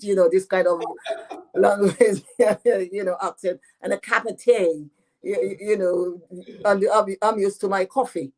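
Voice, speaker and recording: Speaking slowly with frequent "you know" fillers, an eighty-something author with a Dominican French patois accent recounts her life story in an interview. She has a mellowish mid-range voice, and the recording is rough.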